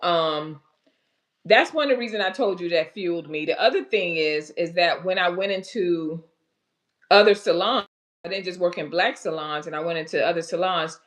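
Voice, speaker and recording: A woman's voice: lowish voice, fairly bright tone. Chatty woman hosting a livestream. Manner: chatty, addresses viewers directly with folksy asides; reads health facts aloud haltingly between chat. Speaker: livestream host. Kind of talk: casual livestream chat.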